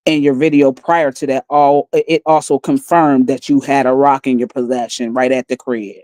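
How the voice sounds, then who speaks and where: A woman livestreaming on her phone, taunting and mocking others in a calm, profane, smooth way. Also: a bass voice, normal speed, dry recording. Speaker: livestream host. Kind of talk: casual livestream rant.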